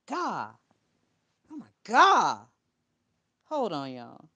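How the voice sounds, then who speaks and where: A woman's voice: on the high side, big pitch swings, slow, long pauses. A young woman giving casual gossip commentary to her viewers, blunt and profane, often laughing. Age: young adult.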